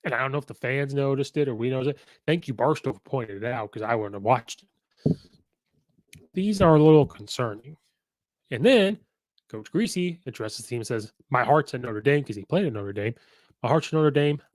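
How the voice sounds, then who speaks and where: A man's voice: mid-range voice, expressive, normal speed, a little mellow, no echo, poor audio. A man hosting casual football commentary, chatty and opinionated, acting out quotes as he goes.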